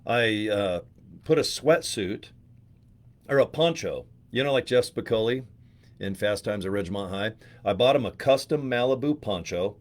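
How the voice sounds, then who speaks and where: A man's voice: fairly low pitch, lively intonation, moderate pace. Joking, rambling man hosting a live stream. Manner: joking, rambling, crude humor. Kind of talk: casual live-stream chat.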